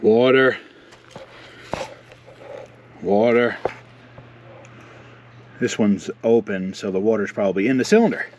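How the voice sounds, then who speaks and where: A man's voice: fairly low pitch, quick pace, few pauses, mellow, dull audio, a little hiss or hum. Joking man rambling in his garage. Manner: joking, self-mocking, rambling. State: out of breath. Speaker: channel host. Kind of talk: casual garage vlog. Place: home garage and shed.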